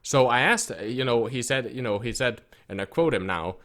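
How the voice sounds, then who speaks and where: A man's voice: mid-range voice, expressive, moderate pace, fairly bright tone. A man who coaches an esports team, telling a frustrated story in casual speech and quoting people as he goes. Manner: frustrated, emphatic, quotes others in his retelling. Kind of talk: casual storytelling rant to camera.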